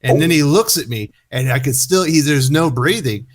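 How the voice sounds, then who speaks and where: A middle-aged man telling a story in casual chat, animated, acting out his own quotes loudly. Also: fairly high pitch, normal speed. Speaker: guest.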